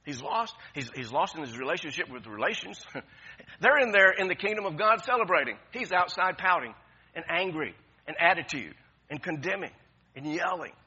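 A man's voice: on the high side, lively intonation, normal speed, bright, forceful tone, slightly rough, lo-fi sound. A man preaching a sermon with passion, repeating phrases and restarting often. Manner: impassioned, repetitive preaching with many restarts. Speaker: pastor.

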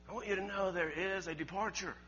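A middle-aged man, preaching a storytelling sermon. He talks in a folksy way, repeats words, laughs often, and swings from loud to hushed. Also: high voice, lo-fi sound, slight background noise. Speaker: pastor.

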